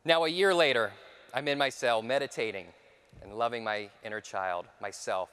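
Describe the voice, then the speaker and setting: A man giving a conference talk, telling a personal story with dramatic shifts, sometimes dropping to a hushed voice. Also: mid-range voice, normal speed, clean tone, long reverb tail. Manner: dramatic storytelling, dropping to near whispers for repeated phrases. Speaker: conference speaker.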